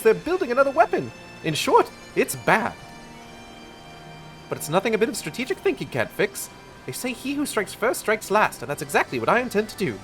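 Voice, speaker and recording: Wedge, a man doing an urgent young guy engineer with a pitched-up, bouncy voice that runs fast and loud, game dialogue read aloud.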